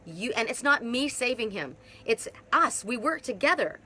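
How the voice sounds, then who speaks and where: Woman, middle-aged, emphatic, repetitive, spiritual monologue, outdoors, bright tone. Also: fairly high pitch, very animated, moderate pace, husky. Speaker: twin soul facilitator. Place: outdoors in hot humid weather.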